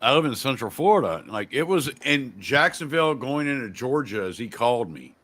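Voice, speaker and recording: A man's voice: mid-range voice, fairly quick. A man from Virginia hosting a casual panel podcast, telling stories in a rambling, profane way. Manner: profane, rambling, animated storytelling. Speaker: podcast host.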